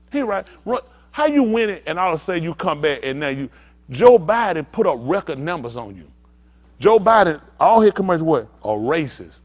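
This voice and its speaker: Animated preaching pastor, man. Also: fairly high pitch. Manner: animated, rousing, talks back and forth with the congregation. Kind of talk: preaching to a congregation.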